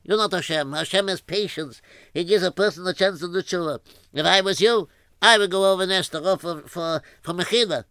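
A man's voice: high-pitched, bright, forceful tone, clear, resonant tone, dry recording. A man playing a reproachful, moralizing man in a storytelling drama, lecturing and insisting.

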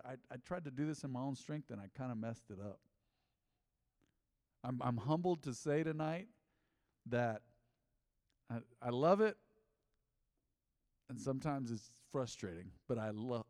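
A man as pastor, preaching a lively interactive sermon, joking with the congregation and repeating their answers. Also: medium pitch, no echo, clean studio sound, in a large hall.

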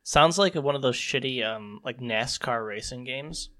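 A man's voice: mid-range voice, measured pace, fairly bright tone. A man co-hosting a podcast in casual banter, blunt and swearing often, on a call. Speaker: podcast co-host, card store worker. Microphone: phone or remote call.

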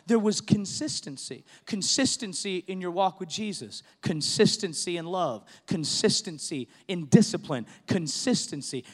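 Middle-aged male preacher, very high voice, impassioned sermon delivery, recorded in a big reverberant church hall. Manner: impassioned preaching, rising to shouts. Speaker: pastor. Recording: long reverb of a large hall.

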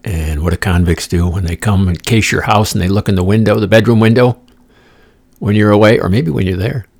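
Gravelly man rambling through a comic podcast. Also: on the low side, a little fast, darkish tone. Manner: profane, digressive, playful asides and whispered jokes. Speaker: podcast host. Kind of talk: rambling comedic monologue. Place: condominium room.

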